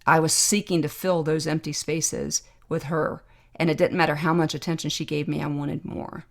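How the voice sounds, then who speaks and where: A middle-aged woman hosting a podcast, telling a personal story in a reflective, emotional way with pauses. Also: low voice, little pitch movement, vocal fry. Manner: reflective, emotional, pausing to remember. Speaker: podcast host, trauma doctor.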